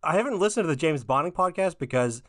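A man co-hosting a podcast, raspy from a recent illness, chatting casually and laughing often. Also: on the high side, expressive, quick pace, a bit bright, no room sound, studio quality. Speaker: podcast co-host.

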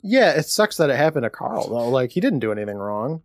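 A man's voice: medium pitch, sing-song, brisk, no room sound, studio quality. A man co-hosting a podcast, chatting casually and jokingly retelling an episode's plot. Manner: jokey, teasing, narrates the plot and quotes the characters. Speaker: podcast co-host. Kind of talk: casual chat recapping an episode.

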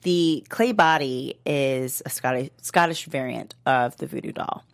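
A woman's voice: extremely low pitch, measured pace, gravelly. A woman co-hosting an aftershow, chatting casually and explaining at length with plenty of fillers. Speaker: aftershow co-host. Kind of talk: casual chat.

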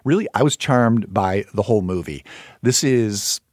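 Thoughtful low-voiced man reviewing films. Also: lively intonation, dry recording, studio quality. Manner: thoughtful, measured critique. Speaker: film podcast co-host. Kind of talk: film review chat.

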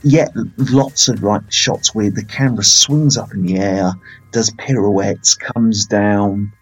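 A man's voice: on the low side, fairly even intonation, takes it slowly, breathy edge, poor audio. A man hosting a casual film review podcast, rambling and playful with lots of fillers.

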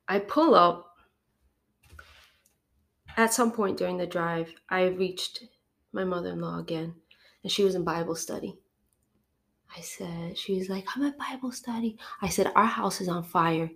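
A woman's voice: on the low side, gravelly. A middle-aged woman, a podcast guest, giving an emotional personal testimony, acting out her phone calls and sniffling now and then from allergies.

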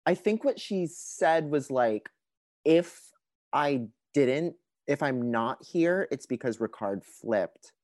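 A man's voice: medium pitch, slow, dry recording, clean studio sound. A man joining a podcast as a guest, chatting casually and telling stories with enthusiasm. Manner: enthusiastic, animated storyteller. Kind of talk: casual chat.

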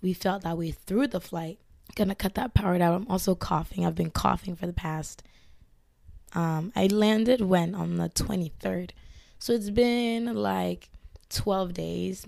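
A young woman hosting a casual podcast, hoarse from losing her voice to illness, rambling with lots of fillers. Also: lowish voice, darkish tone, dry recording, studio quality. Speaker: podcast host. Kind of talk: casual chat. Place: indoors, filmed for a video podcast.

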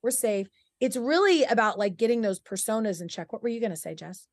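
A podcast co-host talks casually in a rambling, candid way, acting out the voices in her head. Her fairly high voice swings widely in pitch, and she talks fast, recorded in studio quality with no echo.

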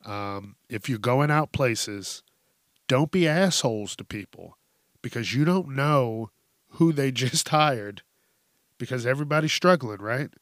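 A man hosting a news-reaction show, telling stories in blunt, profane, animated casual commentary. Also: mid-range voice, a little slow, dry recording, studio quality. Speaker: host.

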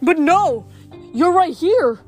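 A woman voicing a young male satyr who pleads in a high, trembling voice. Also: expressive, takes it slowly, a little mellow, soft background music. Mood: pleading.

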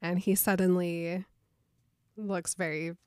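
A woman's voice: lowish voice, level tone, slow, a little mellow, smooth, no room sound, studio quality. A woman co-hosting a casual podcast, retelling a book scene and acting out the characters' lines as she goes. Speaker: podcast co-host. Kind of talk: casual book recap chat.

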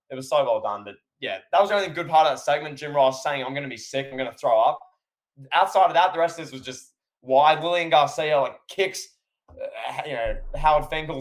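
Man, somewhat high voice, podcast co-host, rambling casual storytelling. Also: low-quality recording. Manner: rambling, filler-heavy storytelling, acts out quotes. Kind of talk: casual chat.

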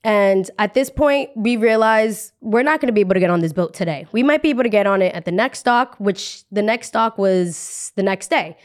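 A young woman from New Jersey, a podcast host telling a dramatic story with lively quoted voices. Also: mid-range voice, normal speed, hardly any pauses.

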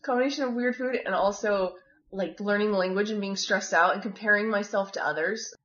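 A woman's voice: medium pitch, brisk, fairly bright tone. Chatty woman rambling through a story. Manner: rambling, heavy use of "like" and "you know". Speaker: former volunteer living with a host family. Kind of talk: casual personal storytelling. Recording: dull, echoey room recording.

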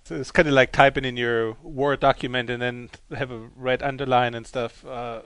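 A man's voice: medium pitch, fairly even intonation, moderate pace, fairly bright tone, clean tone, no room sound. Teasing man. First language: German. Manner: teasing, amused. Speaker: co-host. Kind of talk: casual chat.

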